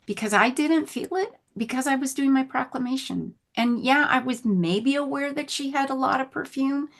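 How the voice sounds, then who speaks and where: Gravelly-voiced woman telling her story. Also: high voice, normal speed. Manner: animated, laughs often, drops soft when moved. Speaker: guest sharing recovery story. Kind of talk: candid conversational storytelling.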